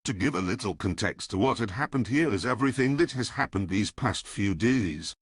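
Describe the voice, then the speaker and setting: A man playing a grave government agent, narrating a disaster in steady, solemn scripted narration. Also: lowish voice, fairly quick, slightly rough, no echo.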